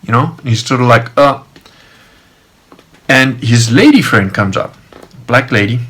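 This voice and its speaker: Husky-voiced man rambling through a story. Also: mid-range voice, expressive, normal speed, a bit bright. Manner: loose storyteller, many fillers and asides. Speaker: streamer telling a personal story. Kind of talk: rambling casual monologue.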